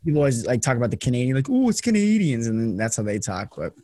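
A man's voice: mid-range voice, very fast, mellow, dry recording. Chatty young American man, dry sound. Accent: General American. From Las Vegas, USA. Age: young adult. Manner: chatty, loose, full of "like". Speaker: host. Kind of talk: casual conversation.

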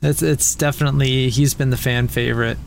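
A man's voice: medium pitch, steady tone, brisk, creaky, slight background noise. A man co-hosting a casual podcast about collectible figures, laughing often and talking loosely. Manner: laughs often, puts on silly voices. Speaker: podcast co-host. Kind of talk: casual chat.

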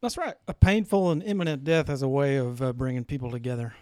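A man's voice: medium pitch, fast talker, warm tone, dry recording. Male guest, Alabama accent, laid-back, dry humor, dry sound. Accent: Southern US, Alabama. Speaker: podcast guest. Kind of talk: casual chat.

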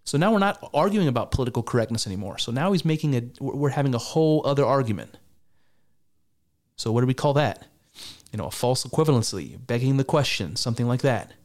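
A man's voice: mid-range voice, expressive, quick pace, a little mellow. A man giving sarcastic, exasperated and profane reaction commentary on a debate. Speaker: political commentator.

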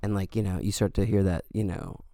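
A man's voice: deep voice, flat delivery, brisk, mellow, dry recording, clean studio sound. A man hosting a solo podcast, talking in a rambling, earnest and joking way with lots of fillers. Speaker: podcast host. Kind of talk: casual solo podcast monologue.

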